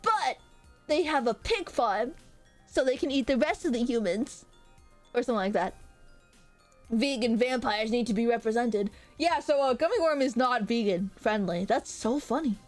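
A woman's voice: a little high, expressive, normal speed. A woman streaming as a VTuber, chatting casually with her chat in a rambling way full of hesitant fillers. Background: faint background music.

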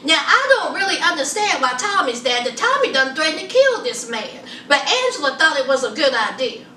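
A woman's voice: high-pitched, pushed and bright, slight background noise. A woman giving casual, sassy commentary on a reality show, calling her viewers honey and child. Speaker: reality TV reviewer. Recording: roomy echo, distant from mic.

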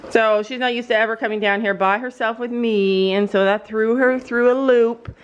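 A woman's voice: fairly high pitch, fairly even intonation, moderate pace, clean tone, highs cut off. A middle-aged woman from Canada, chatting casually to her camera in a barn on her family farm, laughing often and cooing at her dogs. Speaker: vlogger, mother running a family farm channel. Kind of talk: casual vlog chat.

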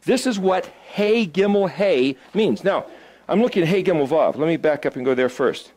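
A man with a somewhat high voice leads a small study group in an informal lesson. He thinks aloud as he works and keeps turning questions back to his listeners. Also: expressive, moderate pace, a little mellow. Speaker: Hebrew study teacher.

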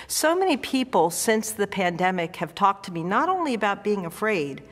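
Woman pastor preaching slow and earnest, long church echo. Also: fairly low pitch. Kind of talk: sermon.

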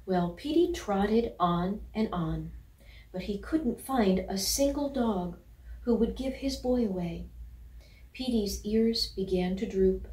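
A woman reading a children's picture book aloud in a gentle, measured storytelling voice. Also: medium pitch, animated. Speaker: storybook reader. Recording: roomy, from a distance.

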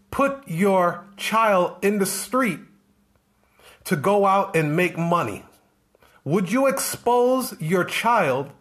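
A man in a live-streamed coaching talk, hammering home his point with one rhetorical question after another. His voice sits a little on the high side, and he circles back over the same phrases with a preachy, insistent drive. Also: a bit bright. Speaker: business coach.

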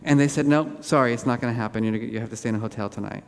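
Animated man giving a keynote in a hall. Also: mid-range voice, racing, vocal fry, a little hiss or hum. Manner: animated storytelling with self-deprecating humor. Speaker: keynote speaker. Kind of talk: lively conference keynote. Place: large auditorium. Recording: hall reverb.

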